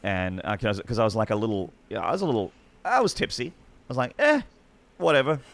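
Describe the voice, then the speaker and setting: Gravelly low-voiced Australian man. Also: fast talker. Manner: rambling, excitable anecdotes with many restarts. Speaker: podcast guest, esports commentator. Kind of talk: casual storytelling chat.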